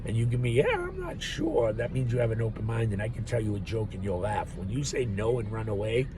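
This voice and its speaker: A man's voice: on the low side, fairly even intonation, fast, noisy background. A man rambling through a profane, laugh-filled monologue as a vlogger. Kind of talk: ranting monologue.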